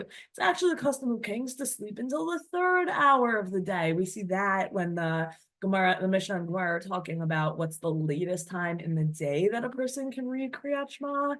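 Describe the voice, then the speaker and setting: A woman teaching a class on classical texts, reading passages aloud and translating them in a chatty, animated way. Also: mid-range voice. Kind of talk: text study class.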